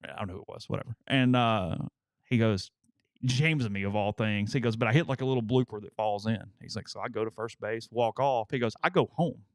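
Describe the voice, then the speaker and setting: A man co-hosting a sports talk show, reading ads and telling a rambling, animated story in casual chat. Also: fairly low pitch, brisk, dry recording, clean studio sound. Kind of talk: casual chat and live ad reads.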